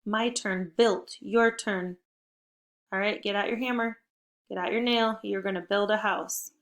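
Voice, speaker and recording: A woman teaching a spelling lesson to young children, speaking slowly and clearly, upbeat and encouraging. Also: mid-range voice, fairly even intonation. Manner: slow, deliberate word-by-word modeling.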